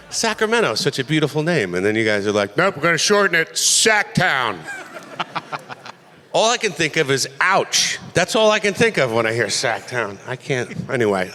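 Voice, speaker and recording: A middle-aged man answering questions at a convention panel, animated and joking, rambling loosely with plenty of asides. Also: medium pitch. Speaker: voice actor panel guest. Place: large convention panel hall. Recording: echoey convention hall.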